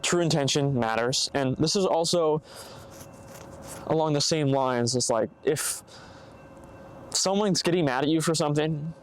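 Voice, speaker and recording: A man's voice: on the high side, a little slow, pauses often. A young man hosting a casual solo podcast, giving earnest, rambling advice and acting out hypothetical conversations. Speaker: podcast host. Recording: faint background noise, bad mic.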